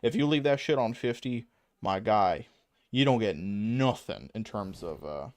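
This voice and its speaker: Lively young man streaming a game. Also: on the low side, measured pace. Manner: rambling, self-mocking, swears often, frequent laughs. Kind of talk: casual gaming stream commentary.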